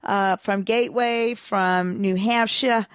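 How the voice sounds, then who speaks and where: A woman co-hosting a casual motorsport chat, talkative and quick to laugh. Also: mid-range voice, steady tone, smooth, no room sound, clean studio sound. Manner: chatty, laughs easily, wraps up the show. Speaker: motorsport podcast co-host.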